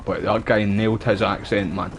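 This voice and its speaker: A man's voice: lowish voice, steady tone, moderate pace, a little hiss or hum. A Scottish man chatting casually while streaming a game, rambling between stories. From Scotland. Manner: rambling, chatty, uses local slang. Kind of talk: casual gameplay chat.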